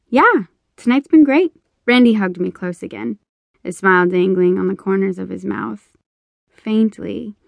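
A woman narrating a romance audiobook in the first person, with measured storytelling. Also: fairly low pitch, gravelly, no room sound.

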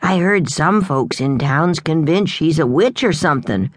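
A woman's voice: sits low, lively intonation, a little slow, dry recording, clean studio sound. A woman reading the lines of a crude, dim-witted young male police officer with a whiny, needling manner.

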